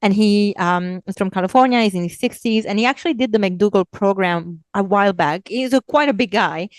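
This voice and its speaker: A woman's voice: mid-range voice, fairly quick, no room sound. Woman host, casual chatty interview, dry close audio. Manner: chatty, agreeable. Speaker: podcast host.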